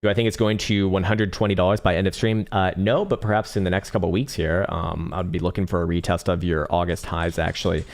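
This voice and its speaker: A man's voice: low-pitched, little pitch movement, fast talker, hardly any pauses. A man hosting a live trading stream, reading viewer questions and giving blunt, profane chart analysis. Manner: profane, blunt, bursts into laughing rants. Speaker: trading livestream host.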